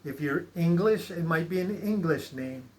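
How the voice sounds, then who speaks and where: A man with a slightly raised pitch talks in a loose, unhurried way. He rambles through his points, stopping to restart phrases and filling gaps with small hesitations. The tone is a casual spiritual chat. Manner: relaxed, rambling, many fillers and restarts. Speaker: channel host.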